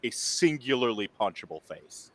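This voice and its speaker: A man running a tabletop game, pitched in the middle range. He meanders through his scene descriptions, piling up fillers and restarting his sentences. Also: big pitch swings, normal speed. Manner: rambling, many fillers and restarts. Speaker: game master.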